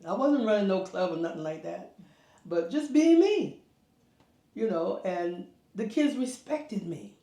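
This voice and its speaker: An older woman, founder of a girls' youth club, telling animated stories in an interview and acting out the voices she quotes in a folksy way. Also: mid-range voice, a little slow. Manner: lively, acts out quoted voices, folksy phrasing. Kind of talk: animated storytelling. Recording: roomy echo, faint music behind.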